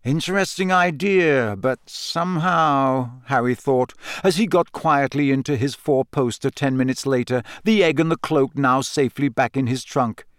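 Man, audiobook narrator, measured storytelling, dry close sound. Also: mid-range voice, clean tone, no room sound. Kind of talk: scripted narration.

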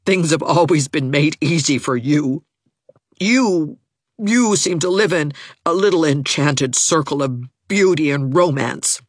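A woman's voice: low-pitched, lively intonation, no room sound, studio quality. Woman voicing a bitter, lonely young woman. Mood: anguished. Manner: bitter, self-pitying, halting. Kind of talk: audiobook character voice.

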